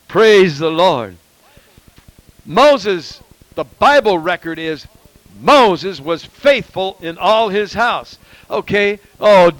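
Male preacher, high voice, dry close sound; delivers an emphatic sermon that swings loud and soft. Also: dry recording, rough recording.

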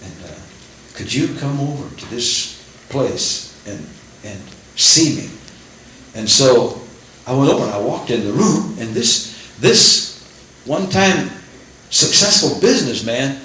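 An older man preaching a sermon in a church, animated, rising to exclaim praises, with frequent restarts. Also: mid-range voice, a little slow, long pauses. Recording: echoey room with faint hum.

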